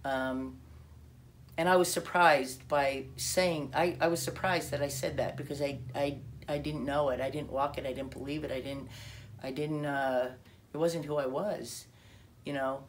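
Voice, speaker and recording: A woman telling her personal testimony in an animated way, acting out quotes and restarting her sentences often. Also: low-pitched, a little slow, slight background noise. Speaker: speaker sharing a personal testimony.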